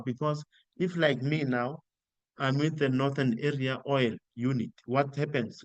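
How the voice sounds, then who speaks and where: A middle-aged man from South Africa giving informal career coaching, animated and acting out the dialogue he quotes. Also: medium pitch, no echo. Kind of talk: informal spoken coaching talk.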